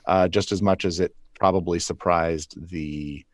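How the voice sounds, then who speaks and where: Deep-voiced man telling studio stories. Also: steady tone, unhurried, no room sound. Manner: loose, rambling with restarts and chuckles. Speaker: puppeteer guest. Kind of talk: relaxed interview answers.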